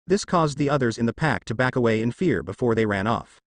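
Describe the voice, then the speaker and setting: Man narrating fan fiction, casual asides, lively pitch, dry close mic. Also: a little fast, no echo. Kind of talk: reading fan fiction aloud.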